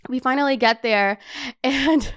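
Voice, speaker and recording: A young woman with a high, smooth voice tells a travel story in a casual, animated way. She swears freely and fills her talk with "like" as she hosts her own chat show. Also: a little slow. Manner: animated, swears a lot, says "like" constantly. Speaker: podcast host.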